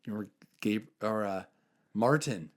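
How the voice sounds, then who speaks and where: Podcast host, young man, lowish voice, earnest and rambling storyteller. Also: normal speed. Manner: earnest storytelling, many fillers, trails off softly. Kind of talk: casual faith chat.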